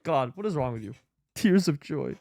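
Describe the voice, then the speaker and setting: A male streamer chatting casually with viewers, excitable and swearing often with lots of exclamations. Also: a little high, normal speed, vocal fry, no room sound. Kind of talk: casual live-stream chat.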